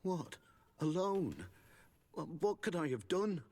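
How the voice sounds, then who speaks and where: A man's voice: a little high, big pitch swings, slow, a little mellow, exaggerated voice. A man voicing a nervous, defensive soldier in a video game, flustered and apologetic. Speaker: game character.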